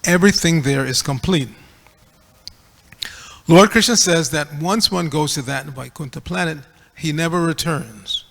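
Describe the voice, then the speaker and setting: A man's voice: fairly high pitch, unhurried, vocal fry, pauses often, fairly bright tone, big-room sound. A man giving a scripture class, reading aloud and correcting pronunciation in a teacherly way. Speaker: class speaker. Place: temple hall.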